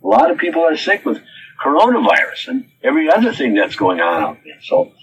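Male preacher, sermon delivery, animated intonation, faint noise behind. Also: fairly high pitch, a little fast, low-quality recording. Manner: reads quotes from notes, then rebuts them with questions.

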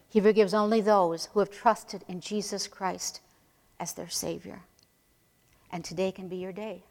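Woman preaching in a reverberant hall. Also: medium pitch. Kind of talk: sermon.

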